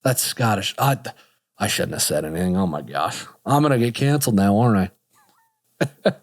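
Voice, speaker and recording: A man's voice: lowish voice, animated, moderate pace, no room sound, clean studio sound. A man hosting a podcast, talking casually with a joking, self-deprecating manner. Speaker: podcast host.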